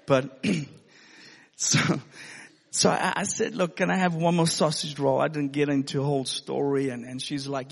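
A pastor telling a personal story in a sermon, earnest and given to laughing. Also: male voice, fairly high pitch, fairly even intonation, normal speed, vocal fry. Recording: long hall reverb.

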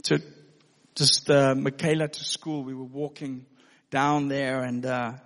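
A pastor telling a personal story in a sermon, earnest and given to laughing. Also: male voice, medium pitch, level tone, a little slow, a bit bright. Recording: long hall reverb.

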